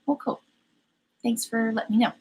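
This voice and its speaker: A woman's voice: on the high side, level tone, moderate pace, darkish tone, low-quality recording. A young woman hosting a painting live stream, chatting casually and giggling as she talks to her chat. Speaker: painting livestream host.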